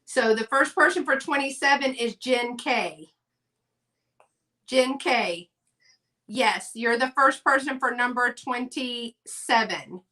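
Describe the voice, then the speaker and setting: Bright-voiced woman hosting a live sale. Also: fairly high pitch, slow pace. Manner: chatty, apologetic, gushing over items. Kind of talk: casual live-stream selling.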